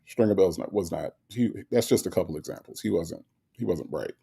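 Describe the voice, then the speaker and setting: A man's voice: sits low, expressive, a little fast, creaky, dark tone, slightly rough. A man co-hosting a podcast in casual chat, making his case emphatically and hammering the same point again and again. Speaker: podcast co-host.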